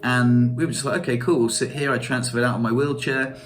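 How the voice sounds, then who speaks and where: A man's voice: mid-range voice, fairly even intonation, a little fast, faint music behind. Chatty man, laughing as he talks. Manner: chatty, laughs often, self-mocking. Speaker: vlogger. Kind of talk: casual storytelling vlog.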